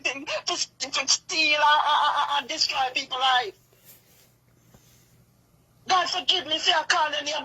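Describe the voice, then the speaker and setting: A woman's voice: high voice, bright, forceful tone, low-quality recording. A woman with a Jamaican accent delivering an impassioned, repetitive rant in a video. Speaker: vlogger.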